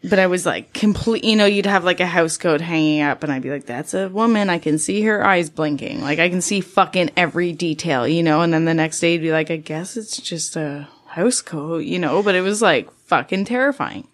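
A woman in her thirties hosts a casual podcast chat. She tells her stories with animated energy and swears freely. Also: lowish voice, fairly quick, few pauses. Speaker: podcast host.

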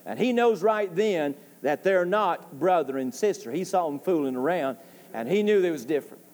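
Preaching at normal speed in a church sanctuary, a man with a fairly high, darkish voice and lively intonation mixes folksy jokes into his sermon before pressing emphatically for an amen. The hall's long reverb trails his words.

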